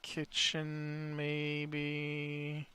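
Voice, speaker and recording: Background noise sits behind a man whose fairly high voice is completely flat and drags out its words. He hosts a casual Minecraft let's play, retelling a tabletop session while building and rambling with many fillers and restarts, combining game commentary and storytelling.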